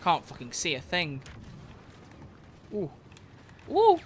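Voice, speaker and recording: A young man streaming a video game live, excitable and swearing a lot as he comments. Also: fairly high pitch, takes it slowly, a little hiss or hum. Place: home gaming setup at a desk.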